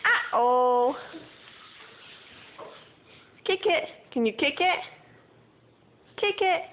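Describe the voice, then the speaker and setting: A woman's voice: sits high, expressive, takes it slowly. A woman filming a toddler, coaxing her in baby talk and repeating simple words. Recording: tinny lo-fi home video.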